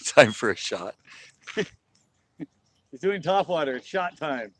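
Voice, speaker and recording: A man's voice: fairly high pitch, very animated, takes it slowly, fairly bright tone. A man hosting a fishing livestream outdoors at a lake, chatting casually into his phone and laughing often. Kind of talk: casual chat while fishing. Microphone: phone camera.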